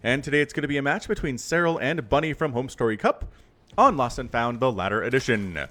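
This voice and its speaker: A man's voice: mid-range voice, lively intonation, fast, a bit bright. A man casting a strategy game match on his own, chatting straight to his viewers as he explains the play. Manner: chatty, addresses viewers directly. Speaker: esports caster. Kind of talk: solo game commentary.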